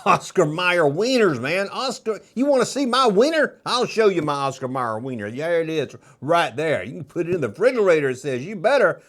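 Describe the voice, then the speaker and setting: A middle-aged man hosting a casual show-and-tell vlog, rambling with jokes and nostalgic asides. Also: on the high side. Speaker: toy collector host.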